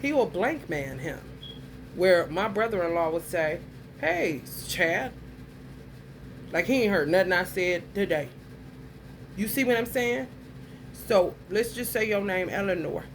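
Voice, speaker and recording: A woman's voice: fairly low pitch, expressive, moderate pace, a little hiss or hum. Blunt, heated woman ranting to camera. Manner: blunt, profane, heated storytelling. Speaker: vlogger. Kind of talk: casual monologue to camera.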